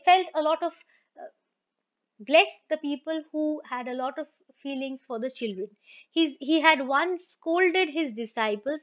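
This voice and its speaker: A woman teacher reads a story aloud and stops often to restate each passage in simple words. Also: sits high. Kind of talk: reading and explaining a story. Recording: dull lo-fi recording.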